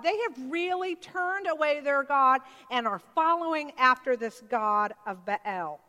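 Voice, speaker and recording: A woman preaching a sermon, retelling a scripture story with animated storytelling and acted-out voices. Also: sits high. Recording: long reverb of a large hall.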